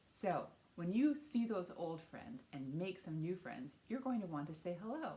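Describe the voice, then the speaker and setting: A woman, a children's librarian, leads a storytime from her home, talking to young children in an animated, encouraging way. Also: fairly low pitch, moderate pace.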